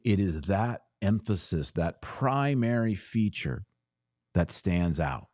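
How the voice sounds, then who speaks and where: Male livestream host, deep and dark-toned, emphatic, repeats himself for stress, dry close mic. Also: dry recording. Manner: earnest, emphatic, repeats phrases. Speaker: host reading super chats. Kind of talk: livestream commentary.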